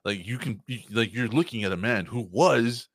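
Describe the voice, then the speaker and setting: A man's voice: medium pitch, normal speed, no echo, clean studio sound. A man co-hosting a casual podcast chat, talking animatedly and swearing freely as he acts out movie scenes. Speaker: podcast co-host.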